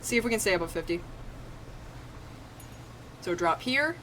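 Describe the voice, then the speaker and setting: A woman's voice: medium pitch, expressive, moderate pace, fairly bright tone, slight background noise. A woman streaming a video game, chatting casually to viewers with a self-mocking, foul-mouthed humor. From United States. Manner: chatty, self-mocking, swears freely, frequent laughs. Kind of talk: casual gameplay commentary.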